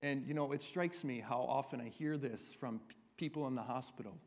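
A man's voice: mid-range voice, brisk, vocal fry. A man preaching a sermon as a pastor, earnest and conversational, often checking in with the congregation. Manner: earnest, conversational preaching with frequent tag questions. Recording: long reverb of a large hall.

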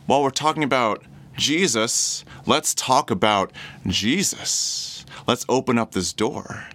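A man's voice: mid-range voice, unhurried. A man preaching a sermon who retells a scripture scene as a vivid story and acts out the people in it. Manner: animated, acts out scenes in quoted voices.

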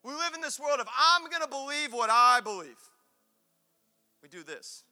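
A man preaching a sermon as pastor, swinging from quiet asides to loud, drawn-out calls. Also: very high-pitched, faint music behind. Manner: preaching with dramatic swings of volume and acted quotes. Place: church sanctuary. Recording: echoey church hall.

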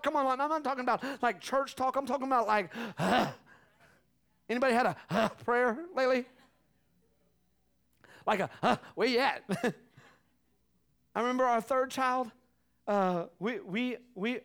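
A middle-aged man preaching a sermon, telling stories in an animated way with laughs and acted-out voices. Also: extremely high pitch. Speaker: pastor.

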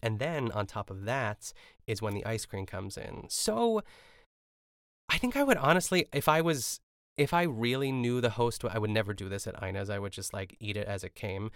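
Male podcast host, low gravelly voice, rambling and chatty, dry close mic. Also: animated, moderate pace, no room sound. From Pittsburgh. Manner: chatty, rambling, laughs often, lots of fillers. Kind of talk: casual solo recap podcast.

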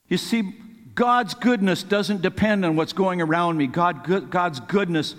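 High-voiced preacher in a reverberant hall. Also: male voice, unhurried. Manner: earnest, rising to fervent pleading when quoting scripture. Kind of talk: sermon.

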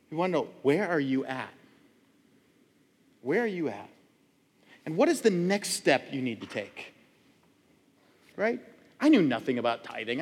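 A middle-aged male pastor preaching a sermon, telling stories and acting out loud quoted voices. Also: fairly high pitch, husky. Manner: animated storytelling, acts out loud quoted voices. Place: church sanctuary. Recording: long hall reverb.

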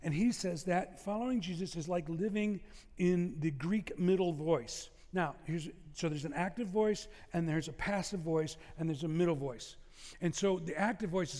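Male pastor, conversational preaching style with humor, slightly high voice, long hall reverb. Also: normal speed, a little mellow. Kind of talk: sermon.

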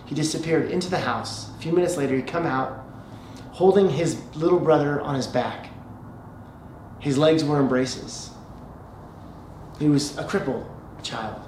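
A male pastor preaching a sermon, telling a story and slowing down for emphasis. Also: fairly high pitch, a little mellow, slight background noise. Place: church sanctuary. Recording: echoey church hall, faint ambience.

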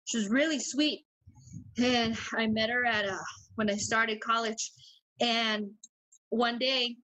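A woman co-hosting a podcast in casual chat, telling stories quickly with laughs and swearing. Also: on the high side, fairly even intonation, bright, forceful tone, low-quality recording. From Mexican. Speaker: podcast co-host.

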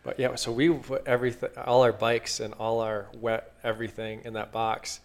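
A man's voice: mid-range voice, little pitch movement, moderate pace. A man describing a muddy race in a rambling, emphatic way as a guest. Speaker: adventure racer, guest. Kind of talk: casual chat.

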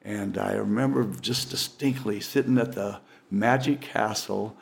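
A man's voice: fairly low pitch, steady tone, a little slow, creaky. An older man, a professional magician, telling stories casually in an interview, rambling with frequent restarts.

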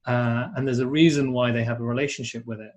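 A man co-hosting a live webinar, thinking aloud in a casual, animated way, with many restarts, and reading out audience comments. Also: medium pitch, fast talker.

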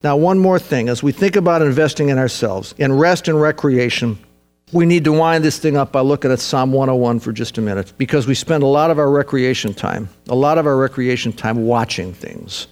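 A man preaching a sermon, earnest and urgent at times, then soft and reflective. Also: medium pitch, fairly quick, faint music behind. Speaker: pastor.

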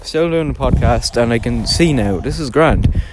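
A man's voice: mid-range voice, expressive, normal speed, background noise. An Irish man hosting a podcast while walking outdoors at night, rambling in a laid-back way. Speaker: podcast host. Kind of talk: casual chat while walking.

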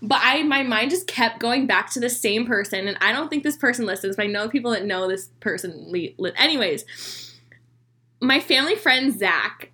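A woman's voice: fairly high pitch, animated, brisk, sharp tone. Bubbly young woman on a podcast, voice bounces up and down a lot, giggly and chatty. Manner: bubbly, giggly, reads questions aloud. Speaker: podcast co-host. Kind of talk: casual chat.

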